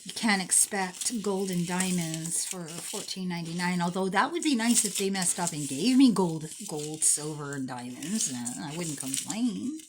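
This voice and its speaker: A woman in her forties, a thrift jewelry unboxing vlogger, chats casually while sorting and pricing thrifted pieces, teasing herself and talking to herself as she goes. Her lowish voice is expressive, her pace moderate with hardly any pauses, and the background is noisy.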